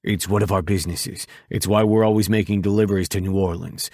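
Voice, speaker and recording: A brash, bossy biker from an audiobook barks orders at the top of his voice, as a man plays him. The voice is lowish and hard-edged. It is recorded dry and close. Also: steady tone, quick pace, creaky, dry recording. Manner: yelling orders.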